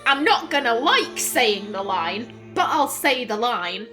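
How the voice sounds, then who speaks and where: Exasperated high-voiced woman commenting on a game. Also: takes it slowly, hardly any pauses, music in the background. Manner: exasperated, expressive, swears often. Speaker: let's play host.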